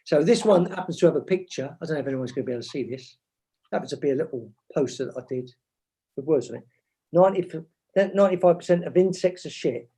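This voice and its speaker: A man's voice: mid-range voice, quick pace, warm tone, husky. A man, a guest author from advertising, chatting and reading from his book with rambling, self-mocking asides.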